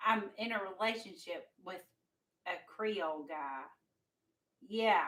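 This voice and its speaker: A woman's voice: medium pitch, slow, fairly bright tone, low-quality recording. A woman co-hosting a casual live stream with her partner, in a playful, teasing manner. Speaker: co-host, host's partner.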